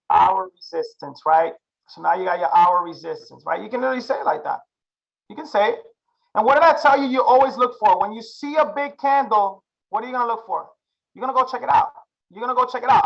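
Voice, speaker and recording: A man's voice: sits high, vocal fry, highs cut off. A young man teaching a live chart-reading class, slangy and hyped, drilling his students with repeated questions. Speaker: trading instructor.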